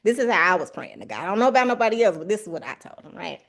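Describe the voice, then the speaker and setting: A woman telling a story in a casual chat on a video call, animated and emphatic, acting out the voices of people she quotes. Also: medium pitch, rapid-fire, vocal fry. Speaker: guest sharing her exam success.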